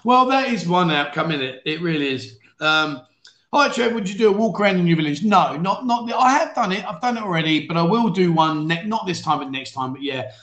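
A man's voice: sits high, expressive, fairly quick, fairly bright tone, echoey room, dull audio. A man from London with a faded London accent, hosting a casual livestream chat show, reading viewer comments and joking about himself. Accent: London English, faded. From England. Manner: chatty, self-deprecating, laughs often, mock-outraged bursts. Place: living in Thailand.

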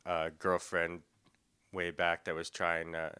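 A man's voice: low-pitched, completely flat delivery, sharp tone, clear, resonant tone. A man in casual podcast chat, telling easygoing anecdotes and laughing a lot. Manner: slow, laid-back anecdotes, frequent laughter. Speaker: podcast co-host.

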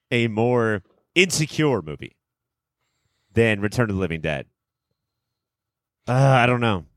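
A man hosting a casual movie podcast, talking in quick bursts with lots of fillers. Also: mid-range voice, dry recording, clean studio sound. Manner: animated, talks in quick bursts with many fillers. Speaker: podcast host.

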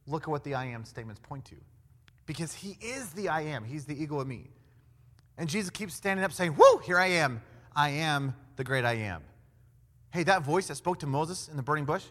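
A man preaching a sermon in an animated way, acting out quoted voices with big swings in loudness. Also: medium pitch. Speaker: pastor. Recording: long hall reverb.

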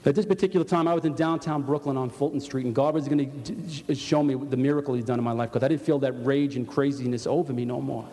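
The speaker, an older church member with a New York accent, tells his testimony earnestly but keeps restarting himself. He speaks fast with few pauses in a steady, mellow mid-range voice, and the church hall adds long reverb.

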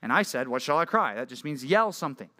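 A man, a youth pastor, giving a casual and conversational sermon to a junior high group, often asking his listeners questions. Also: big pitch swings, quick pace, pushed and bright. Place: church youth group meeting.

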